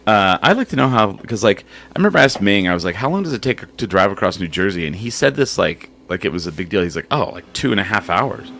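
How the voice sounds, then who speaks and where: A man with a very low, deep voice hosts a loose, giggly podcast chat. He rambles through stories, laughs easily and breaks off to read comments from the audience chat. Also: very animated, fast, few pauses, a bit bright, slight background noise. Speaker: podcast host. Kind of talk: casual chat.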